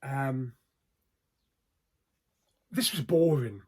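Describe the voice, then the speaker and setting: A man reviewing films in a casual vlog, plain-spoken, with frequent ums and trailing pauses. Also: mid-range voice. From Australia. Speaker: movie reviewer.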